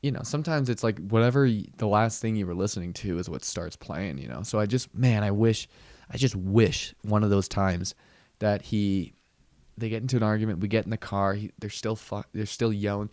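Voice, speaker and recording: This comedy podcast host from Southern California has a lowish voice and talks at a normal speed with no room sound behind him. He spins a loose, profanity-filled story in a relaxed way, cursing often, mimicking shouting and breaking into bits of songs.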